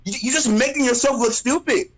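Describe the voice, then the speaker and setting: A man streaming, ranting in casual chat, animated and exasperated, roasting people with repeated phrases. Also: very high voice, fairly quick, rough recording.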